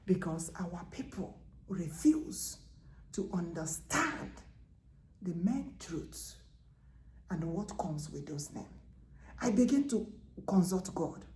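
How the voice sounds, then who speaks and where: A woman preaching, swinging between hushed whispers and loud exclamations. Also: fairly low pitch, expressive, takes it slowly, long pauses, roomy sound, noisy background. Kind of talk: spiritual preaching.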